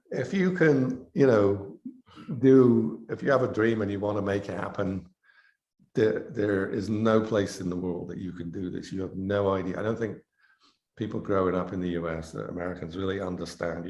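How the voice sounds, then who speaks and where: A middle-aged English man, a professor being interviewed, talking casually and rambling with many fillers and restarts. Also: low-pitched. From England. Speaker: interview guest, biochemistry professor. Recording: echoey room.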